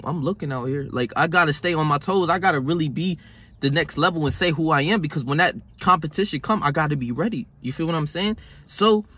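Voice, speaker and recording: A man's voice: fairly high pitch, a bit bright, husky. A young man in a casual motivational vlog monologue, talking in a slangy, swearing way with lots of restarts and fillers. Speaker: vlogger. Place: hot room.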